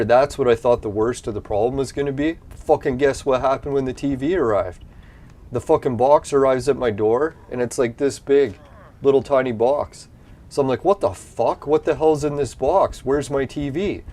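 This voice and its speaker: A man's voice: medium pitch, darkish tone. A man from Canada hosting a gaming channel, telling a long exasperated story with constant swearing in a casual, rambling way. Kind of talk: casual ranting vlog.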